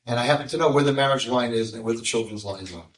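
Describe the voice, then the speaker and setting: An older man, a rabbi, tells a story to an audience in an animated way and acts out the voices of the people in it. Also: medium pitch, fast talker, a little hiss or hum. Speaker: rabbi giving a talk. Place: lecture room with audience. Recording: echoey room, mic at a distance.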